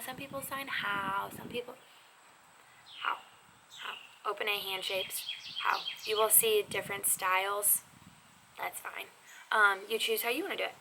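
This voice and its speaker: Animated woman teacher with gravelly voice. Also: mid-range voice. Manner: animated, expressive, chatty. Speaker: sign language teacher. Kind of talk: casual video lesson. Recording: noisy background.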